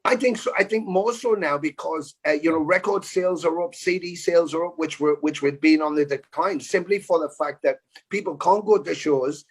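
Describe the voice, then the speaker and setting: A man, a rock singer, talking fast and emphatically on a casual video chat, with some swearing. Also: a little high, slightly rough.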